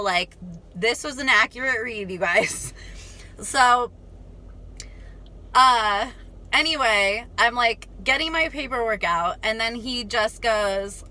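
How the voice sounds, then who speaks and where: A woman's voice: mid-range voice, measured pace, sharp tone. A young adult woman telling a casual storytime vlog, chatty, laughing and talking straight to her viewers. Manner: chatty, addresses viewers as "you guys", laughs often. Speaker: vlogger.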